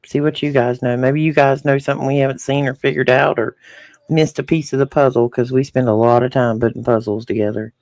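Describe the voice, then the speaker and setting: A man's voice: medium pitch, steady tone, brisk, a little mellow, no echo, clean studio sound. Folksy Southern man chatting to viewers. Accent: Southern US rural. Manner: folksy, chatty, reading comments aloud. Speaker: podcast co-host. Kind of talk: casual chat to live viewers.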